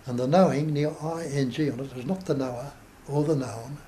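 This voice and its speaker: A man, a spiritual teacher, giving a measured talk to a small group and posing rhetorical questions as he explains. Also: medium pitch, fairly even intonation, warm tone, slight background noise, rough recording.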